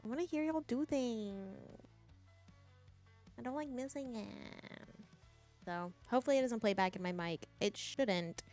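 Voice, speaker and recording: A woman's voice: a little high, measured pace, pauses often, a little mellow, faint music behind. A woman game streamer in casual live-stream chat from a home setup, chatty, laughing often and greeting viewers by name, on a desk mic with her headset off.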